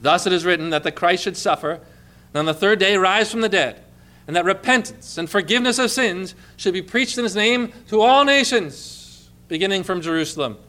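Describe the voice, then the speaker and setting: A man delivers a sermon as pastor, his voice pitched high and ringing bright. He preaches with emphatic fervor, leaning into each quoted verse. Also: brisk. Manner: emphatic preaching, quoting scripture with rising fervor.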